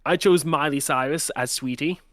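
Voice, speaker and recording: A man's voice: a little high, moderate pace, no echo, clean studio sound. A man in a book club chatting casually and animatedly, now and then putting on voices to make a point. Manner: animated, breaks into voices for examples. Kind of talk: casual chat.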